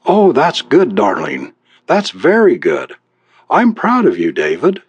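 A man voicing a fussy, doting older wife, warm and sighing, with a pleading, apologetic manner. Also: medium pitch, wildly swooping pitch, slow pace, breathy edge, no echo, dull audio, voice pushed up, full character voice. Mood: admiring.

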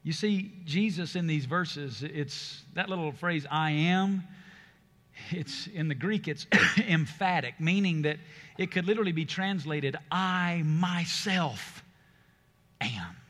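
A man preaches a sermon in a big church hall, and his voice carries with a long reverb. His voice sits high and sounds bright and forceful. He drives home key words with emphatic stresses. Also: unhurried. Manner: preaching with emphatic, rising delivery. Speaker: pastor.

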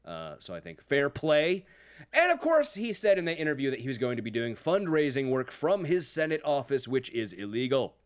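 A man's voice: medium pitch, huge pitch swings, normal speed, clear, resonant tone. Sarcastic, profane male political podcaster. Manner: sarcastic, swears a lot, mocking. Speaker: podcast host.

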